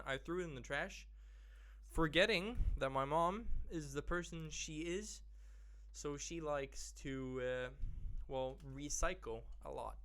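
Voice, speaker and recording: A man hosting a podcast, telling a story in casual chat, swearing and acting out the people in it. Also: on the high side. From Persian family. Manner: animated, swearing, acts out quotes. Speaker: podcast host.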